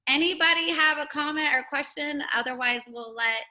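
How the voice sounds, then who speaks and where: Woman host, gushing and emotional, very bright tense voice, fairly high. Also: normal speed, poor audio. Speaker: meeting host. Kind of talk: hosting an online team call. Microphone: video call.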